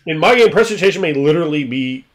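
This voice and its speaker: Animated, profane tabletop game master. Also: male voice, fairly high pitch, very fast. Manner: animated storyteller who acts out scenes, profane. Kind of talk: casual chat.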